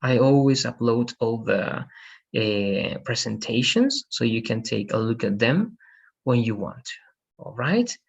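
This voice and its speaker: A man's voice: mid-range voice, animated, gravelly, husky. Patient male English teacher, lo-fi call. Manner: patient, corrective, repeats words slowly to model pronunciation. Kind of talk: online class, pronunciation coaching. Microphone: video call. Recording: dull lo-fi video call audio.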